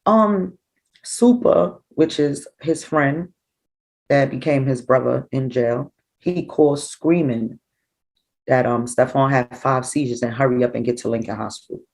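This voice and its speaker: A middle-aged woman, a grieving mother recounting events in an interview, animated and acting out what people said. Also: extremely low pitch, unhurried, vocal fry, rough recording. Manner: animated, acts out quoted dialogue. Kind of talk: emotional personal storytelling.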